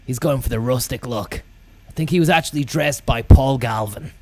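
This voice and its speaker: A man, telling rambling deadpan comic stories full of swearing and trailing mumbles. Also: mid-range voice, moderate pace. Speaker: comedian.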